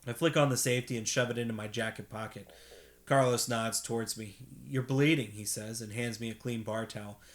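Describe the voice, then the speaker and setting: A man's voice: fairly low pitch, fairly quick. Man reading a gritty novel aloud. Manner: steady first-person narration with occasional slips. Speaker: reader, host.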